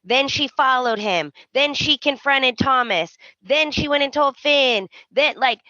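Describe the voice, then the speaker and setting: Bright, chatty woman recapping a soap. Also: high-pitched, a little slow, dry recording, highs cut off. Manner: chatty, opinionated, quotes characters with dramatic voices. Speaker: podcast co-host. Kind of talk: casual chat recapping a soap opera.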